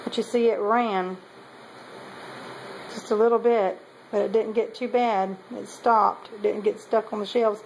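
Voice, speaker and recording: A woman's voice: medium pitch, steady tone, measured pace, vocal fry, a little hiss or hum, rough recording. A woman, talking casually in a meandering way with many ums and self-corrections as she shows her pottery. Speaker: potter showing kiln results. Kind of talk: casual show-and-tell vlog.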